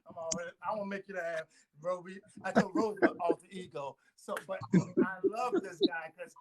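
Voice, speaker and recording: A man as a guest on a casual interview show, talking earnestly in relaxed slang as he thanks and praises people. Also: high voice, normal speed, crowd noise. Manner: earnest, warm shout-outs, relaxed slang.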